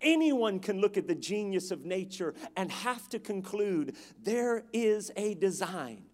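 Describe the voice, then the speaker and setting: A man with a high voice preaches with dramatic, emphatic delivery. He builds to rousing questions and calls the congregation to answer back. The delivery is that of a full sermon. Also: very animated, a little slow, darkish tone.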